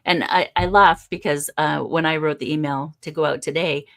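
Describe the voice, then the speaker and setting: A woman from Canada co-hosting a spiritual livestream, chatting casually with an expressive, laughing delivery over a video call. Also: low-pitched, normal speed, gravelly. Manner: expressive and laughing, with lively shifts in tone.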